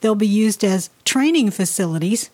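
A woman with a medium-pitched voice co-hosting a casual chat. She jokes and laughs easily, then settles into long explanations. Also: expressive, moderate pace, a little mellow. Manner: laughing, playful, explains at length. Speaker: co-host.

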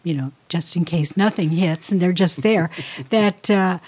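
A woman co-hosting a casual chat, playful and quick to laugh, explaining topics at length. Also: fairly low pitch, darkish tone, breathy edge. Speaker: co-host.

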